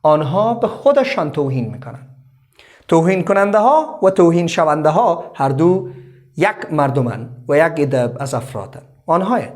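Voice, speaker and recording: A man teaching English grammar in a lesson, explaining slowly in English and rushing through the translations. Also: on the high side, sing-song, darkish tone.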